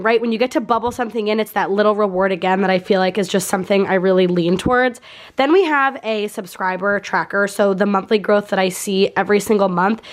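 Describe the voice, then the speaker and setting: A young woman vlogging to camera, talking in an earnest, heartfelt way with a frequent "like". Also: mid-range voice. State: tearful at moments. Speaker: YouTube vlogger. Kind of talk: casual talk to camera.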